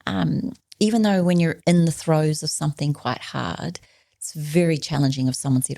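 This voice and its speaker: Middle-aged woman, podcast guest, earnest reflective storyteller, deep voice, mellow tone, dry close sound. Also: normal speed, creaky, dry recording. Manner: earnest, drops to a soft whisper when quoting others.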